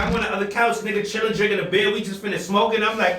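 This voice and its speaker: A man, from the Bronx, guest on an interview show, telling a story in an excitable, profane way and acting out moments with loud shouts. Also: high voice, fast, hardly any pauses. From Bronx, New York. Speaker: guest chef. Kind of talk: animated storytelling. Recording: echoey room, mic at a distance, noisy.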